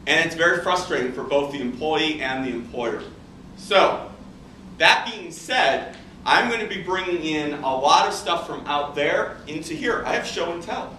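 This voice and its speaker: A middle-aged man teaching statistics, telling a story in an animated, conversational way. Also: on the high side, a little hiss or hum. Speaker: statistics instructor. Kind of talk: classroom lecture with storytelling. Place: classroom. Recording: echoey classroom, distant mic, faint ambience.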